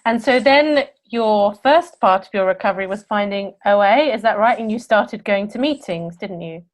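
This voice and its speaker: Gentle woman interviewer asking questions. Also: mid-range voice, animated, moderate pace. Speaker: therapist interviewer.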